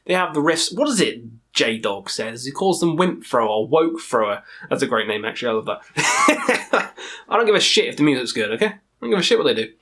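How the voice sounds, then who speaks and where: A man with a tired, strained throat talks excitedly through his favourite metal bands in a casual vlog, swearing often and rambling as he goes. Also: medium pitch, fairly quick. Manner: profane, enthusiastic, rambling. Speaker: metal music reviewer.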